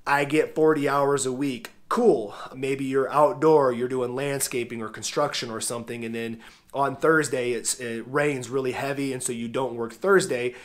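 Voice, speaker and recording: A man's voice: medium pitch, fairly even intonation, normal speed. Congested, nasal-sounding man vlogging. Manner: friendly, informal, addresses viewers directly. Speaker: vlog host. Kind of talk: casual chatty vlog.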